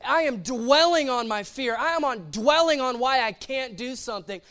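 High-voiced animated male preacher. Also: normal speed, clean tone. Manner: animated, playful preaching with acted-out quotes. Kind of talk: sermon.

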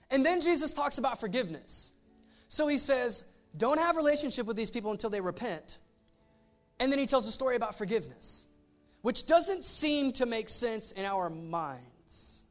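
Male pastor, high register, casual storytelling sermon, light music bed underneath. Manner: animated storytelling with voiced asides.

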